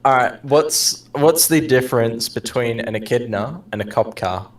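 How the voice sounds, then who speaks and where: A man's voice: mid-range voice, normal speed, a crowd in the background. A man from Australia joining a streamer's casual chat with teasing, crude banter. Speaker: guest on a stream.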